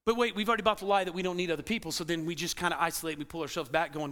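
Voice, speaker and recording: Guy preaching in church, high bright voice, goes from loud to really quiet and intense. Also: very fast, hardly any pauses. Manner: animated preaching, swinging between loud emphasis and hushed intensity. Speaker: pastor. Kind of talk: sermon. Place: church sanctuary.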